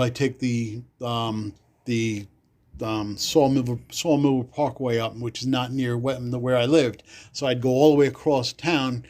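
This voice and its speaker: A man from the Bronx, New York, appears as a podcast guest in a casual storytelling interview, his mid-range voice a little mellow. He rambles through stories and acts out the people he quotes in livelier voices.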